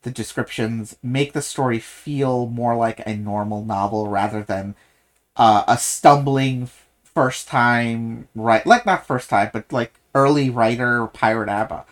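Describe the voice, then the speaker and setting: Casting: podcast co-host who keeps restarting sentences, mid-pitched, casual book chat. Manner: halting, many restarts and self-corrections.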